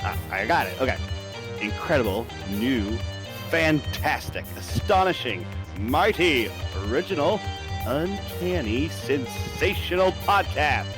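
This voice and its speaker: A man playing an excited guy brainstorming a show name, his voice climbing as he lists words. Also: mid-range voice, measured pace, music in the background, close to an everyday voice.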